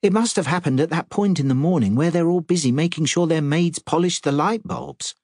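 A man's voice: on the high side, fairly quick, a little mellow, husky, no room sound, studio quality, voice pushed up. A man voicing a young policeman, earnest and matter-of-fact.

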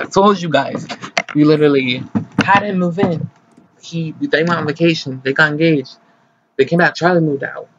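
A man casually commenting as he plays a life-sim game, chatty, excitable and gossipy, recorded on slightly dull lo-fi audio. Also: fairly high pitch. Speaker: gaming channel host. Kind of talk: casual let's play commentary.

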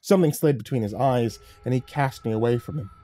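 A man's voice: medium pitch, fast, dark tone, soft background music. A man narrating a first-person horror story in a dramatic, scripted telling.

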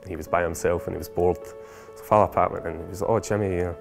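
A man telling a family anecdote in a lively, animated, chuckling way. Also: sits low, rapid-fire, vocal fry. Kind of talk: casual storytelling. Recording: music behind.

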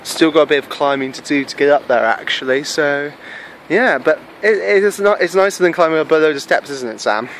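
A man chatting casually in a travel vlog, excitable and full of fillers, filming himself indoors and then outdoors on a handheld camera. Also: on the high side, fairly quick, a little hiss or hum. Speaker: travel vlogger. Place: hotel room, then outdoors at a castle.

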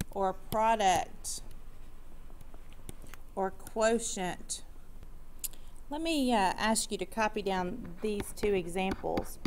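A woman teaching a recorded math lesson in a patient, explanatory way. She slows down on the words that matter and adds gentle classroom humor. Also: medium pitch, slight background noise. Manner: light corny humor for students.

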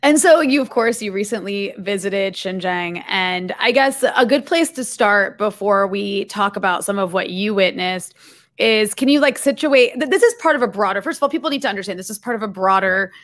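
A woman's voice: medium pitch, lively intonation, moderate pace, a bit bright. Woman host asking long winding questions. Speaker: podcast host. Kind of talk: podcast interview.

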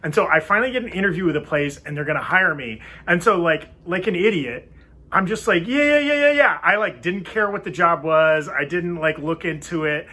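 A man in his thirties co-hosting a casual chat, chatty and quick to laugh while telling stories. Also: fairly high pitch, sharp tone, breathy edge. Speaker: co-host.

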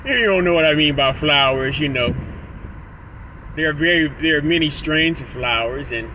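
A man's voice: fairly high pitch, moderate pace, sharp tone, slight background noise, rough recording. A man talking to his phone camera while driving, rambling with stuttered restarts and laughing asides. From Illinois. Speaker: vlogger. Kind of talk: casual vlog monologue. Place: in a car, driving.

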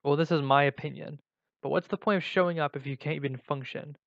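A man's voice: on the high side, fairly even intonation, fast talker, gravelly, dry recording. A man voicing a worried, caring teenage girl who pleads with her friend. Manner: concerned, pleading. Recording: dull lo-fi recording.

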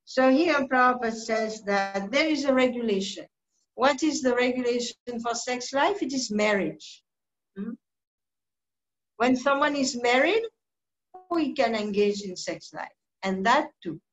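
A woman giving a slow, deliberate scripture class, pausing often with soft fillers. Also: fairly high pitch. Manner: slow, deliberate teaching with many pauses and fillers. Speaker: spiritual teacher. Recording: dull lo-fi recording.

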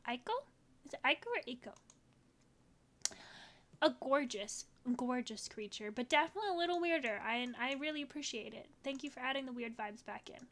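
A woman's voice: high voice, fairly bright tone. A woman chatting casually over a game as she plays, bubbly and talkative. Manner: bubbly, chatty, talks to the game and her dogs. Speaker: gaming YouTuber. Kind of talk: casual gameplay commentary.

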